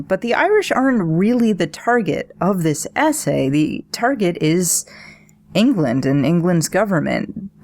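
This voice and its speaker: A woman co-hosting a podcast, talking through satire in an animated, analytical way. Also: on the low side. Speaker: podcast co-host. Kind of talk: casual podcast discussion.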